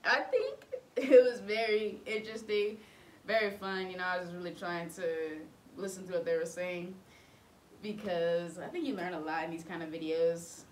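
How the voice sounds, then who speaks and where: A woman's voice: lowish voice, fairly even intonation, moderate pace, reverberant, slight background noise. A woman hosting a reaction video, chatting casually and easily.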